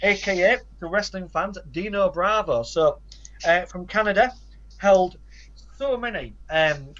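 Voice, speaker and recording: A man with a somewhat high voice co-hosts a casual podcast chat, rattling off facts and titles and slipping in dry asides. The audio is dull and lo-fi. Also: unhurried, a bit bright, a little hiss or hum. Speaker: podcast co-host.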